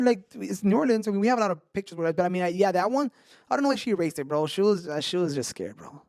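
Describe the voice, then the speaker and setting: Brief: animated male podcaster, quick high voice, swears freely. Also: creaky, no echo, studio quality. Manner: animated, swears a lot, mixes in Spanish slang. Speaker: podcast host. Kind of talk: casual storytelling chat.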